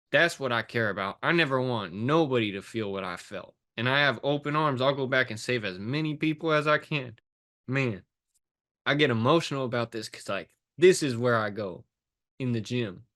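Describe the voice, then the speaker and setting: A man's voice: mid-range voice, a bit bright. A man who coaches fitness and life, talking intensely and emotionally in a podcast conversation, with blunt street phrasing and the odd swear word.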